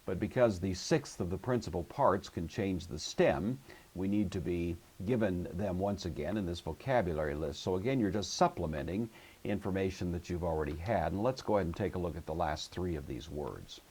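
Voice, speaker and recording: Casting: deep-voiced male teacher, husky, patient and methodical lecture delivery. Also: expressive, darkish tone. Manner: methodical, patient explaining with slow, drawn-out example words. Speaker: Greek teacher. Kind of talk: recorded grammar lecture.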